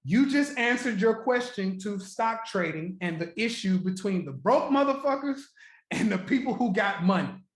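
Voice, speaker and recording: A man hosting a trading livestream, chatting casually and profanely with viewers, joking, laughing often and repeating his points slowly. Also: sits high, animated. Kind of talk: casual live-stream chat with viewers. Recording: roomy echo.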